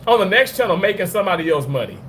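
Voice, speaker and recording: Animated, swearing man on a livestream. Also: high-pitched, rapid-fire, slight background noise. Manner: animated, profane, laughs often; talks back to chat comments. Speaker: livestream host. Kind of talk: casual livestream chat.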